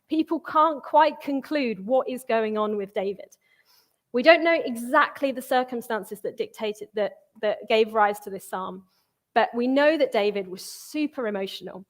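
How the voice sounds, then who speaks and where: Woman preaching a conversational sermon. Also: a little high. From England. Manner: conversational, reads scripture with feeling. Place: church.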